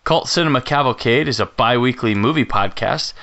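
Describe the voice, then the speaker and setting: A man's voice: medium pitch, fairly quick, sharp tone, dull audio. A man hosting a casual podcast chat, guiding the talk in an organized, informative way. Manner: organized, informative, runs the show notes. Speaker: podcast host.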